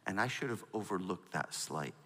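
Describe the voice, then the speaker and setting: A middle-aged man preaching a sermon, animated and storytelling, prompting the congregation. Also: sits low, normal speed, in a large hall. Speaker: pastor.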